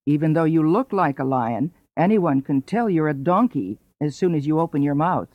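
A man's voice: fairly high pitch, expressive, normal speed, no echo, close to an everyday voice. Scornful barnyard rooster, read by a man. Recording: dull lo-fi audio.

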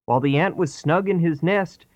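A man narrating fables in a clear, steady, scripted storybook reading. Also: fairly high pitch, moderate pace, dry recording. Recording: dull lo-fi audio.

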